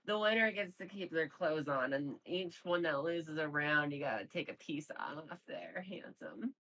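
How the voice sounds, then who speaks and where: A woman's voice: deep voice, a little slow, a bit bright, low-quality recording. A woman playing a tabletop game, flirty and giggly, rambling with fillers. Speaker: player. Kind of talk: in-character tabletop roleplay.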